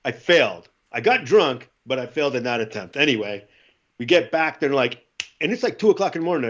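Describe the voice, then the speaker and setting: A middle-aged man, a former Marine, telling stories in a casual interview, animated and acting out what others said. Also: mid-range voice, a little fast, highs cut off. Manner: animated storyteller, acts out quotes. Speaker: podcast guest, former Marine.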